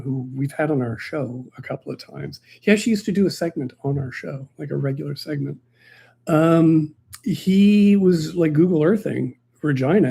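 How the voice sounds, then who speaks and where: A man's voice: a little high, gravelly, dark tone, slightly rough. A man who hosts a local politics podcast, chatting casually and jokingly on a livestream with many fillers and restarts. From Canada.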